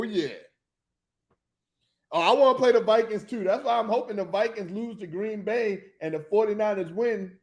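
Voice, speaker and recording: A man hosting a sports talk show, rambling and excitable, who keeps losing his train of thought. His voice sits high and swoops widely between highs and lows. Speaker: sports podcast host.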